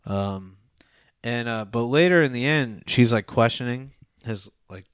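A man's voice: medium pitch, normal speed, smooth, no echo, studio quality. A young man co-hosting a podcast, rambling through a film review with lots of fillers and casual swearing. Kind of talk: casual profane chat.

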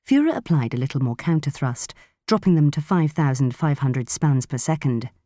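A woman narrating an audiobook in a steady, even storytelling manner. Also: low-pitched, no echo, clean studio sound. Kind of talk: scripted narration.

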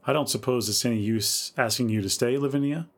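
A man's voice: mid-range voice, fairly quick, lightly acted. A man voicing a worried, hesitant young woman who feels guilty, in a spooky story reading.

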